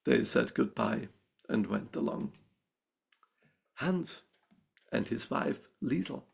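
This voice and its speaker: An Austrian man tells a folk tale live on a festival stage, slow and deliberate, with dramatic pauses. His voice is gravelly and husky and swings widely in pitch. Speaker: storyteller.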